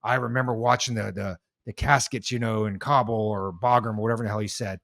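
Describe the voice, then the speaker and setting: A man's voice: fairly low pitch, steady tone, brisk, gravelly, fairly bright tone, dry recording, clean studio sound. A man co-hosting a casual podcast talk, a veteran who speaks in heated, rambling bursts with many restarts. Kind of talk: casual chat.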